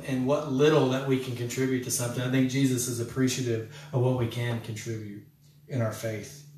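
A pastor preaching in an echoey room. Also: male voice, medium pitch, distant mic, slight background noise. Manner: conversational, earnest, addresses listeners as friends. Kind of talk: sermon.

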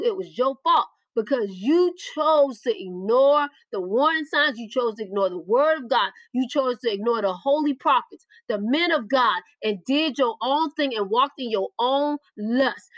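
A woman's voice: on the high side, dry recording, poor audio. A woman preaching a podcast sermon, urging listeners with repeated warnings and direct appeals. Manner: urgent, repetitive exhortation, speaks directly to listeners.

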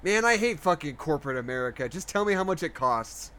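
A young man co-hosting a casual movie commentary podcast, rambling and wry, thinking out loud as he searches online. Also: a little high, big pitch swings, fairly quick. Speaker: podcast co-host.

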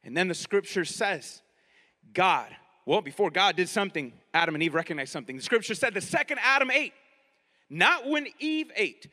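A man preaching a sermon in a lively, conversational way, often turning to ask his listeners questions. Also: sits high, normal speed, big-room sound. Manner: animated, conversational, asks the audience directly.

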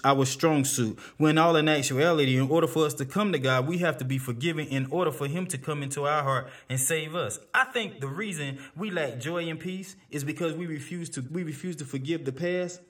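A man's voice: a little high, fairly quick, few pauses, fairly bright tone. A man preaching a sermon, reading scripture passages aloud and explaining them with repeated exhortations.

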